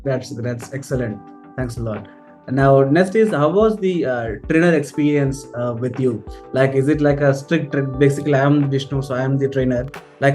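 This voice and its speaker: A man with an Indian English accent asks questions in a chatty, easygoing way, his voice at an ordinary middle pitch. Faint music sits under the talk. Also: a little mellow. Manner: chatty, laughs often, repeats words. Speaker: trainer and interviewer. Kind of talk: casual interview.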